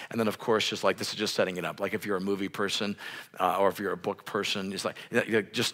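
A male pastor preaching a sermon in a casual, conversational way, with many restarts, growing louder and higher when stirred up. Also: lively intonation, fast talker, vocal fry. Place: church sanctuary, on a raised stage.

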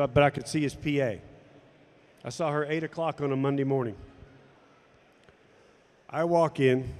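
A man's voice: mid-range voice, a little mellow, big-room sound. A man telling a personal story to camera, acting out the dialogue as he goes. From United States. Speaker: golf instructor and former tour pro.

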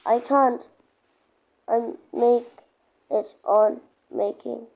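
A woman's voice: a little high, steady tone, drawn-out words, vocal fry. A woman giving casual, rambling commentary while playing a game, repeating herself and breaking into sudden exclamations. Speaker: gamer, channel host. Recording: dull lo-fi sound with faint noise.

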